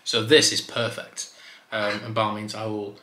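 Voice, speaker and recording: A man casually reviewing a whisky for his video channel, chatty and relaxed with loose fillers. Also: fairly low pitch, normal speed, background noise. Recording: roomy echo.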